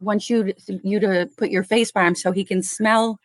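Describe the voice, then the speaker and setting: A woman's voice: mid-range voice, fairly even intonation, normal speed, no room sound. A woman from Chicago, a guest on a podcast, talking casually and chattily with lots of fillers. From Chicago, USA. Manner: chatty and warm, laughs often, many fillers. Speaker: podcast guest, animal rescuer. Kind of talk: casual interview chat.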